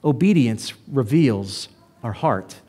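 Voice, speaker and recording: A man's voice: mid-range voice, animated, slow pace, dark tone. A man preaching a sermon as pastor, emphatic and speaking straight to his congregation. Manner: emphatic, addressing the congregation directly.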